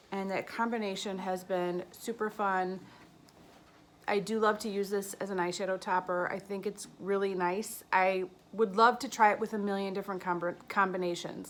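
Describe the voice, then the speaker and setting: A woman's voice: mid-range voice, fairly bright tone. A woman beauty vlogger giving a casual, chatty monthly favorites review, meandering and enthusiastic as she recommends products.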